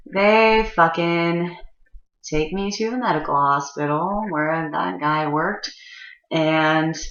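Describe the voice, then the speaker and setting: Low, sharp-voiced woman telling a rambling story. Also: creaky. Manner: profane, rambling, frequent fillers. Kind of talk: casual personal storytelling. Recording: roomy, slightly dull recording.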